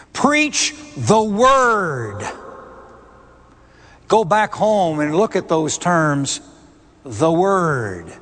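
A man delivers a sermon in an unhurried, measured cadence, his voice sitting somewhat high for a man. He is emphatic and deliberate, driving points home by repeating key words, and a long reverb trails his words through a large church hall. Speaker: preacher.

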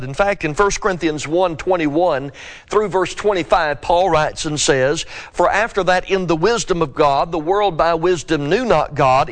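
A man preaching an earnest sermon, reading scripture aloud and stressing key words. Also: high voice.

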